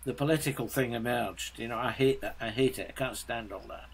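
A man in his seventies, a guest composer, talking bluntly in a halting, restart-filled way in a casual interview. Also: mid-range voice, slightly rough, low-quality recording. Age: 70s.

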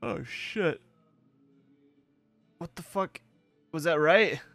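A man's voice: a little high, very slow, gravelly, a bit bright, soft background music. A young man hosting a let's-play video, talking in a casual, rambling way and swearing often, sleepy as he plays. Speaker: gaming video host.

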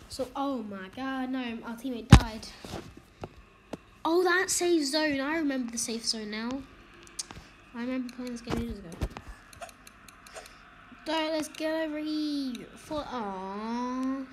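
Excitable high-voiced woman gaming. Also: background noise. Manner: excitable, quick, complaining, jokey. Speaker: gamer, video host. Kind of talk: casual gaming commentary. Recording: game music playing loudly underneath. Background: game music.

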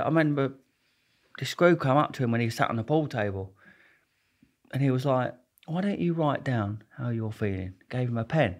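Rambling Englishman telling prison stories. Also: mid-range voice. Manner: rambling, laughs often, many restarts. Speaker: podcast guest. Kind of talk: casual storytelling.

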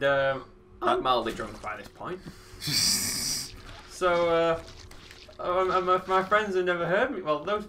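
A man's voice: fairly high pitch, sharp tone, slight background noise. A young Englishman, telling a story over gameplay, laughing often. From England. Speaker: gaming podcast co-host. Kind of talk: casual banter over gameplay.

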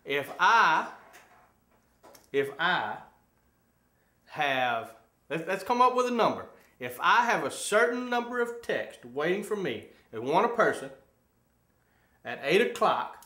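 A man co-hosting a casual talk show, with a fairly high, bright voice that swings up and down a lot. He talks in bursts, tripping over restarts. The room adds a clear echo. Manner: animated, halting with restarts. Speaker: co-host. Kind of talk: casual chat. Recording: echoey room.

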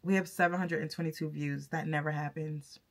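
Her voice is low-pitched and steady in tone, and she talks briskly. As a vlogger addressing her audience directly, she's effusive and emotional, with casual chatter packed with fillers and restarts.

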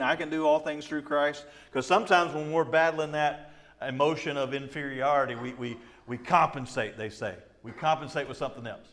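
This middle-aged male pastor teaches Bible study conversationally, repeating himself and using lots of fillers. His voice sits a little high, and he often acts out quoted voices and laughs.

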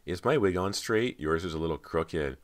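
A very deep-voiced reader doing a smug, condescending teenage girl who mocks and belittles in a cool, catty tone. Storybook narration, only lightly lifted above the reader's own low register. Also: expressive, normal speed. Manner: condescending and mocking. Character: snide teenage girl actress, catty rival.

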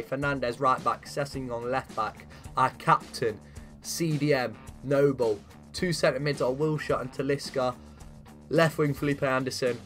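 A man giving lively, chatty commentary over a football video game, cheering and shouting at the big moments. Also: medium pitch. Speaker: gaming commentator.

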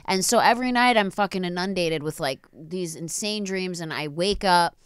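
A woman's voice: fairly low pitch, normal speed, clear, resonant tone, no echo, clean studio sound. A woman in her thirties hosting a podcast in casual chat, chatty and giggly, who swears casually. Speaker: podcast host.

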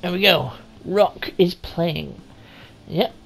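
A woman's voice: lowish voice, slow, gravelly, slightly rough. A woman giving sweary, rowdy commentary while playing a video game. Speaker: gaming let's-player. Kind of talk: casual gameplay commentary.

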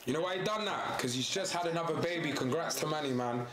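A young man giving casual, excitable reaction commentary full of slang. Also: fairly high pitch, fast talker, roomy sound, over a noisy crowd. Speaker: YouTuber reacting to match footage.

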